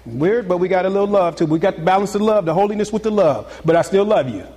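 A pastor preaching a sermon to his congregation, swinging between loud exclamations and hushed, confiding asides. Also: high voice, expressive, fast, big-room sound.

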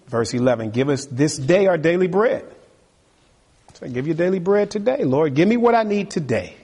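A male preacher with a fairly high, husky voice delivers a sermon. His pitch swoops up and down as he talks in an animated, conversational way and acts out quick asides.

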